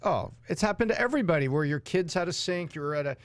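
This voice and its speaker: A man's voice: on the high side, lively intonation, fast, no echo. A man co-hosting a casual chat show, explaining earnestly with frequent restarts. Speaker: co-host.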